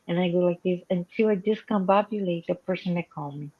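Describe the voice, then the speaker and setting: Animated woman with a non-native accent. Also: on the low side, normal speed, few pauses, dull audio. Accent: non-native English accent. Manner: animated storyteller, acts out quoted dialogue. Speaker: livestream host. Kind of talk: casual live chat.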